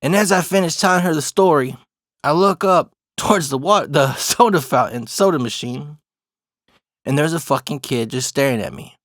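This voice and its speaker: A man's voice: a little high, normal speed, fairly bright tone, no echo, studio quality. Profane, rambling young guy telling a story. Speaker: vlogger. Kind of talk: storytime monologue.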